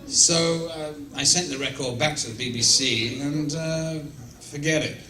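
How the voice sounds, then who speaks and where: A guest actor answers fan questions in a big convention room with an audience, casually spinning blunt, profane, cheeky stories at his own expense. His voice is fairly high, bright, forceful and a little slow. He sounds some distance from the mic, with roomy echo and a faint hiss behind him.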